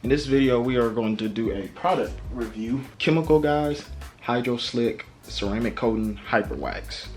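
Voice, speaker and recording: A young man hosting a casual car-care vlog, chatting in a relaxed, informal way with slang. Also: fairly low pitch. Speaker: car detailing vlogger. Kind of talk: casual product review vlog.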